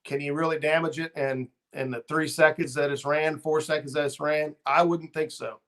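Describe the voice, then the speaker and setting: A man's voice: a little high, little pitch movement, moderate pace, a bit bright. A middle-aged man hosting a fishing channel livestream, chatting casually and rambling with lots of ums and uhs as he reads viewer comments.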